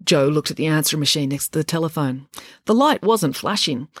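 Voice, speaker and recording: A woman reading a children's story aloud with a wry, expressive delivery. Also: low-pitched, fairly quick, dry recording, clean studio sound. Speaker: narrator.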